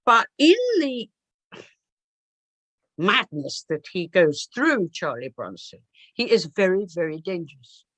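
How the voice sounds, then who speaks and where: A woman, a guest author, telling animated anecdotes on a video call and often restarting her sentences. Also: lowish voice, slow, long pauses, no room sound. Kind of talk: anecdotal interview talk.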